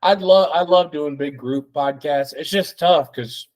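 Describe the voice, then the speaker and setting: A man's voice: a little high, unhurried. Rambling, foul-mouthed podcast host man. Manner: rambling, profane, excitable. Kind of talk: solo ranting podcast.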